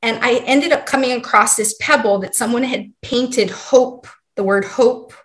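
A woman's voice: a little high, normal speed. A woman from Hawaii, a podcast guest, telling a personal story in an earnest, heartfelt way.

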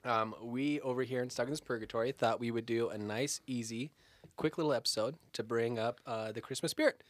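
A young man hosting a podcast in casual, joking chat, swinging between dramatic and flat delivery. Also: mid-range voice, brisk, dry recording. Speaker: podcast host.

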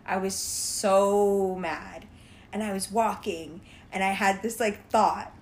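A young woman in casual chat with friends, telling an animated story full of "like" fillers, acting out quotes and laughing often. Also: mid-range voice, slow pace, slight background noise.

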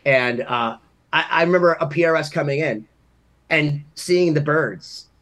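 A man's voice: fairly high pitch, measured pace, fairly bright tone. A man from Massachusetts, a podcast co-host, telling rambling, self-deprecating anecdotes in casual chat. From Massachusetts, USA.

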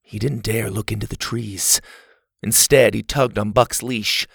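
A man narrating a children's adventure storybook with a steady, expressive reading. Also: fairly low pitch, a little slow, gravelly, husky, no echo, clean studio sound.

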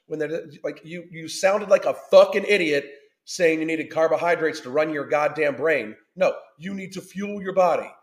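A man hosting a podcast, ranting through a blunt, combative reaction commentary full of swearing. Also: on the high side. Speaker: podcast host. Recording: roomy echo.

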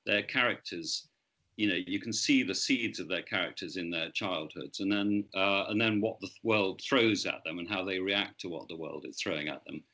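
A man's voice: sits low, normal speed, pushed and bright. A man, an author, talking about his book in an interview, hesitant with many restarts.

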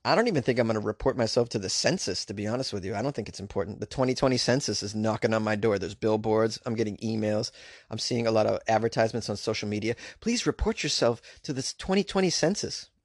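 A male podcast host delivers comedic news commentary, full of crude, sarcastic riffs and asides. His voice has a gravelly, fry-laden texture. The recording is dry and close, with no room sound. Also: on the low side, fast, no room sound.

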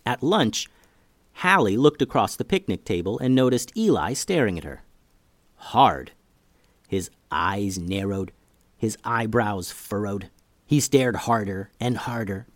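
A man reading a children's story aloud, with lively, expressive storytelling. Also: lowish voice, unhurried, dry recording.

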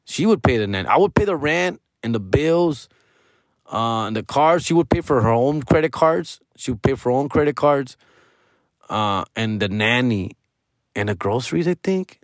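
A man's voice: mid-range voice, expressive, moderate pace, no echo, clean studio sound. A man in his forties telling a casual story, full of slang and tossing in Spanish now and then. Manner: slangy, peppers talk with "dog" and "bro"; switches into Spanish mid-story.

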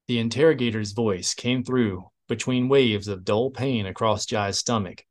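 A man narrating an audiobook in a steady, even reading voice. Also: on the low side, a little slow, hardly any pauses. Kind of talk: scripted narration.

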